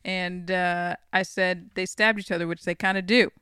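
A young adult co-host retells a story with lively energy, laughing often and swearing freely. The voice is bright and smooth, recorded close and dry with no room echo. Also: mid-range voice, moderate pace. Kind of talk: casual podcast chat.

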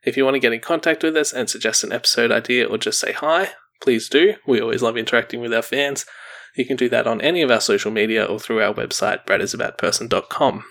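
A young man co-hosts a relaxed podcast, his voice carrying a gravelly fry. He runs through social media plugs and listener reviews in an easygoing way, laughing between lines. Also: mid-range voice, fast talker. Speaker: podcast co-host. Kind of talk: casual podcast chat.

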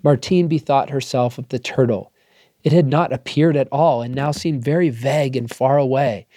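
Measured male storyteller, dry sound. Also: mid-range voice, mellow, dry recording. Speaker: story reader. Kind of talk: scripted narration.

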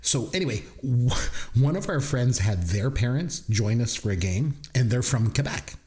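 A man hosting a casual podcast, telling stories with lots of animation. His pitch swings widely from phrase to phrase. He talks like he's catching up with a friend. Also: normal speed. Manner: animated storyteller, puts on voices when retelling. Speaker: podcast co-host.

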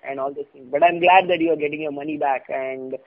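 A man's voice: on the high side, fairly even intonation, quick pace. A man with an Indian English accent hosting a casual discussion, explaining with frequent hesitations. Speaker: host. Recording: tinny phone-like sound.

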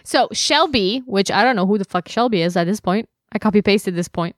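A woman's voice: medium pitch, a little fast, no room sound, studio quality. A woman co-hosting a podcast in casual chat, swearing freely and reading out quotes with sarcasm. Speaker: podcast co-host.

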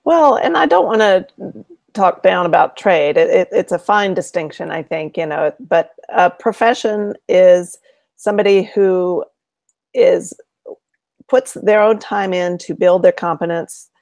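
A woman co-hosting a podcast, chiming in with measured, supportive comments. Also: fairly low pitch, creaky, darkish tone, dry recording. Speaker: podcast co-host. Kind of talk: casual chat.

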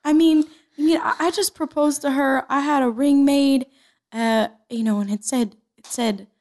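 A woman's voice: high voice, steady tone, a little mellow, voice pushed up. A woman playing a stammering, shy young guy. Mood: timid. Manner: halting, stammering, timid. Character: shy nervous young man fiancé.

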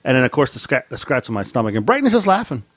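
A man's voice: big pitch swings, very fast, dry recording. A middle-aged man co-hosting a podcast, telling rambling, profane stories with lots of laughter. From Mexican heritage. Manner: profane, laughing storyteller with big pitch swings. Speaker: podcast co-host. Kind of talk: casual chat, storytelling.

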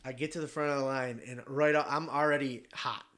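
A young man casually telling a travel story, animated, swearing and acting out the other people in it. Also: medium pitch, fairly quick. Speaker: podcast regular telling a story.

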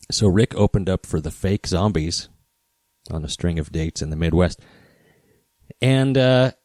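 A man hosting a podcast, telling a story in a relaxed, rambling way with many fillers. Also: low voice, no room sound. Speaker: podcast host, guitar repair specialist. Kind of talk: casual storytelling.

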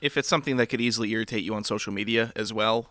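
A man co-hosting a podcast in casual chat, agreeable and quick to laugh along. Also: on the low side, fairly even intonation, sharp tone, no echo. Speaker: podcast co-host.

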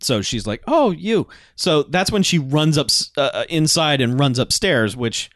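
A man co-hosting a casual film recap chat, animated and laughing often as he acts out scenes. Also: mid-range voice, normal speed, no echo, clean studio sound. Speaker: podcast co-host.

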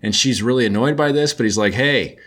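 A man's voice: medium pitch, fast talker. A man casually recapping a story in a loose, chatty way, full of filler words. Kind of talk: casual comic book recap.

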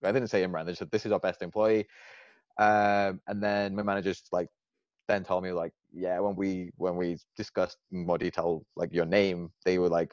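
English guy talking fast, storytelling with lots of restarts, muffled dry recording. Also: low voice, no echo. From England. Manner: animated storyteller, rambling restarts. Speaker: podcast co-host. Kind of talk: casual chat. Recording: dull dry lo-fi sound.

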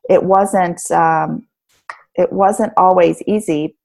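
A woman's voice: on the low side, fairly even intonation, slow, creaky, a little mellow. A woman in her thirties or forties, a life coach talking earnestly about rebuilding her life, with lots of "um" and "like". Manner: earnest, reflective, many fillers like "um" and "like". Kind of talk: casual podcast conversation.

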